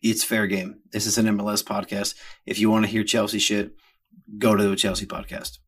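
Husky middle-aged man ranting. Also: fairly low pitch, flat delivery, brisk. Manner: crude, joking, rambling. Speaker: podcast host. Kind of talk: casual comedic rant.

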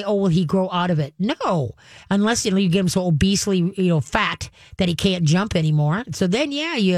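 A woman's voice: lowish voice, darkish tone, no room sound, clean studio sound. A woman hosting a call-in radio show, giving folksy, chatty advice on training pets and acting out little voices as she goes.

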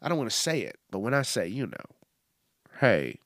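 A man's voice: mid-range voice, very animated, fast talker, fairly bright tone, no echo, studio quality. A man hosting a podcast, ranting casually in a rambling, profane and self-mocking way. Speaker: podcast host. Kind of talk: casual comedic rant.

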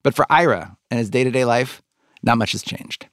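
A man's voice: medium pitch, expressive, normal speed, a bit bright, no room sound, clean studio sound. A middle-aged man hosting a podcast interview, rambling with many likes and restarts. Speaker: podcast host. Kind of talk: conversational interview.

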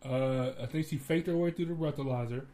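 A man from Ohio telling stories in a casual chat, animated and laughing often as he acts out what people said. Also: a little high, a little fast, over a noisy crowd.

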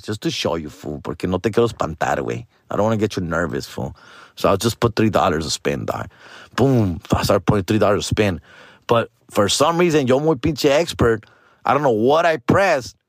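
A man hosting a podcast, telling a casual story full of slang with Spanish mixed in, and jumping up in pitch when he acts out his own panic. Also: no echo, studio quality. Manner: slangy, mixing Spanish into English, animated retelling with jumps to high voice. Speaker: podcast host.

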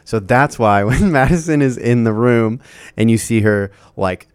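A young man co-hosting a podcast, explaining in a relaxed way how a reality dating show is made. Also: mid-range voice, a little slow, clean tone, no room sound. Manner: explains behind-the-scenes details in a relaxed way. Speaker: podcast co-host. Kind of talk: casual chat recapping a reality dating show.

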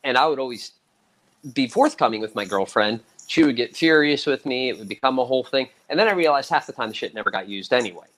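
A man telling stories in casual conversation as a guest musician, animated and acting out quoted lines. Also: medium pitch, quick pace, poor audio. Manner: animated, acts out quotes in raised voices. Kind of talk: casual storytelling.

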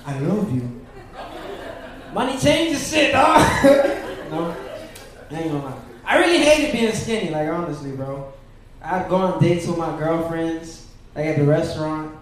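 A man doing stand-up in a club, telling an animated story and acting out other people's voices. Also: a little high, unhurried, pauses often. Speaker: stand-up comic. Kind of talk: stand-up routine. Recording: very echoey club.

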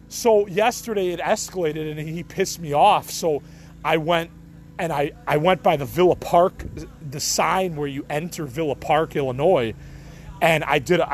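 A middle-aged man from the Chicago area rambles through a profane podcast monologue and shrugs things off. His voice sits a bit high for a man. Faint traffic hums in the background outdoors. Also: rough recording. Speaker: podcast host.

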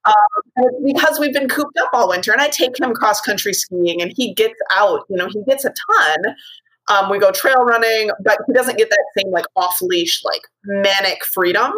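A woman dog trainer from Montana in casual conversation, chatty and relaxed with many fillers. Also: mid-range voice, normal speed, poor audio. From Montana, United States.

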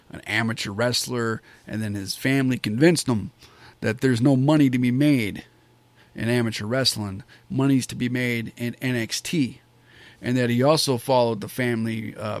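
Man, wrestling show reviewer, casual rambling talk, enthusiastic, mid-pitched voice, dry close sound. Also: no room sound. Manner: rambling, enthusiastic, many fillers and restarts.

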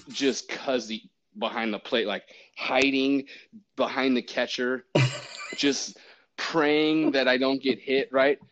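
A man who works as a baseball umpire, casually telling a story with lots of restarts and acted-out quotes. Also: medium pitch. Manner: animated, acts out quotes, many restarts. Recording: dull lo-fi audio.

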